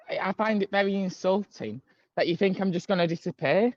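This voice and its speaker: A man recounts a long story over a video call, rambling and restarting often. His voice sits a little high for a man. The call audio is dull and muffled, and the sound is dry and close with no room echo. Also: fairly quick. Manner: rambling, many fillers and restarts. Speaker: guest caller. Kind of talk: casual storytelling chat.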